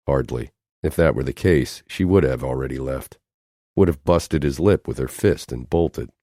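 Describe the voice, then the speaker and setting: Very deep-voiced male audiobook narrator. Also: mellow, no echo, studio quality. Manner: measured, dramatic narration with dropping phrase ends. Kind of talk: scripted narration.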